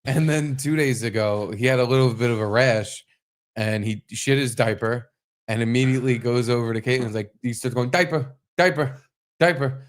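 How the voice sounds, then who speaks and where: A man co-hosting a casual podcast, talking in a loose, rambling storytelling way. His voice sits at an ordinary middle pitch, and he keeps the chat relaxed and unhurried. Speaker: podcast co-host.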